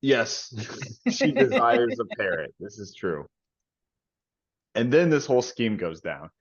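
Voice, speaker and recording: A man's voice: fairly low pitch, sing-song, slow, breathy edge. A man co-hosting a podcast, chatting casually about a book, laid-back, laughing and swearing freely. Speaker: podcast co-host. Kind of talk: casual book discussion chat. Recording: dull lo-fi recording.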